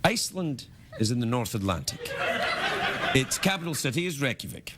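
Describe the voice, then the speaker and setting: A man's voice: mid-range voice, very animated, normal speed. A man hosting a late-night talk show, bantering with a guest in a teasing, mock-dramatic way. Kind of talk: playful comic banter. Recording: loud background noise.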